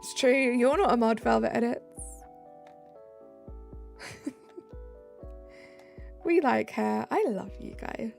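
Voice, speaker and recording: British woman streamer, casual chatter, gravelly fry, soft music underneath. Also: a little high, slow, pauses often. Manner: chatty, reads out viewer comments. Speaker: live streamer. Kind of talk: casual live-stream chat. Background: faint background music.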